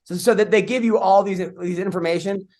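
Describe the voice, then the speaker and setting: A man's voice: sits high, fairly even intonation, fairly quick, darkish tone. A man hosting a podcast, telling rambling stories in casual chat and swearing freely. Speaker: podcast host.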